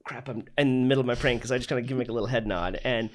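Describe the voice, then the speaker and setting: Guy hosting a podcast, mid-pitched voice, chatty and animated, lots of "like". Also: very fast. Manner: animated, lots of "like" and quoted dialogue. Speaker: podcast host. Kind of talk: casual storytelling.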